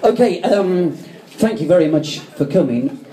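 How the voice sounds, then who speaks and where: A man's voice: sits high, expressive, a little slow, warm tone. A man giving a chatty, joking memorial speech to a crowd in a theatre foyer. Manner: chatty, joking, self-mocking. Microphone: phone camera in the audience.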